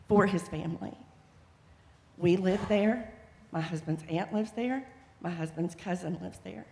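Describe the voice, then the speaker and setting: At a city council meeting, a middle-aged woman makes an impassioned, pleading public comment in a reverberant council chamber. Her voice is on the low side, gravelly and mellow.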